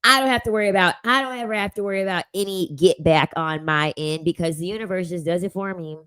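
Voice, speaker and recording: A woman's voice: lowish voice, quick pace, a bit bright, clean tone. A young woman hosting a casual livestream, reading chat aloud and answering in a blunt, profane way, laughing often.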